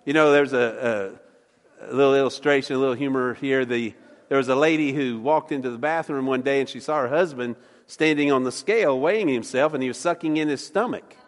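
A pastor with a mid-range voice delivers a joking, folksy sermon at a brisk pace, his words echoing in the large church sanctuary. He frequently stumbles and repeats himself as he talks.

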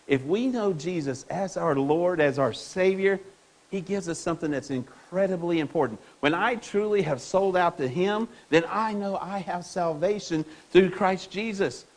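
A man's voice: sits high, normal speed. A man preaching a sermon, reading scripture aloud and pressing his point with rhetorical questions and repetition. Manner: reads scripture aloud to the congregation. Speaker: pastor.

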